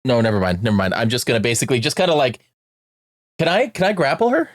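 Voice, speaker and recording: A man's voice: medium pitch, wildly swooping pitch, quick pace, dry recording, studio quality. A man playing a tabletop game over voice chat, rambling with many fillers and restarts. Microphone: own computer mic.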